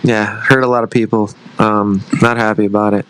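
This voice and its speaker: A man's voice: lowish voice, flat delivery, normal speed, a bit bright, slight background noise, low-quality recording. Rambling, profane veteran man telling a story. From United States. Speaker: podcast guest, retired army veteran. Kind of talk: casual storytelling interview.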